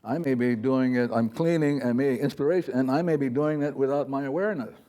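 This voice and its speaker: Speaking with a warm, mid-range voice at a slightly fast clip, this man is a spiritual teacher addressing a live audience. The talk is informal, loose and meandering, peppered with small quoted voices he performs.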